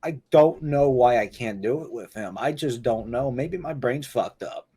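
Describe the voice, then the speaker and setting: A man's voice: medium pitch, warm tone, slightly rough. A man on a voice call, crying and stammering as he talks. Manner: halting, stammering. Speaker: call participant. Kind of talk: emotional voice call.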